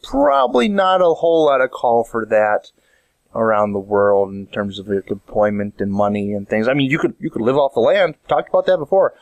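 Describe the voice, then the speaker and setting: A male vlogger in a rambling, jokey monologue that swings up and down in pitch. He sits close to the mic in a dry room with no echo. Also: lively intonation, normal speed, vocal fry, highs cut off. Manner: rambling, jokey storytelling with many restarts. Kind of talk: casual comedic monologue.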